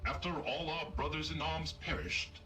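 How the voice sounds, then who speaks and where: A man's voice: high voice, expressive, moderate pace, echoey room, distant mic, over music, low-quality recording. An actor playing a commanding male robot ship captain who speaks in grand, old-fashioned naval phrases. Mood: grandiloquent. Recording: game audio with loud background hum.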